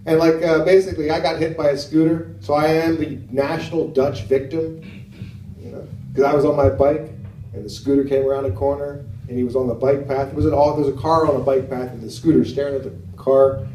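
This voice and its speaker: An American man performing a stand-up comedy set on a club stage, talking in a halting way with many fillers and asides to the crowd. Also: on the high side, steady tone, dark tone, slight background noise. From United States. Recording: roomy venue sound from a distance.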